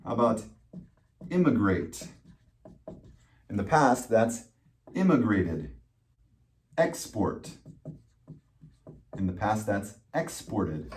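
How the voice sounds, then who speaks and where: A man teaching English pronunciation, speaking slowly and patiently, repeating words and spelling out letters. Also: fairly low pitch, big pitch swings, a little mellow, slight background noise. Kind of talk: slow, deliberate pronunciation lesson.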